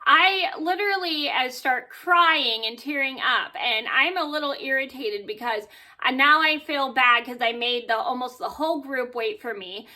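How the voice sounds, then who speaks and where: Bright-voiced chatty woman vlogger. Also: high-pitched. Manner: chatty and animated, with fillers and "blah blah". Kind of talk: casual storytelling to camera.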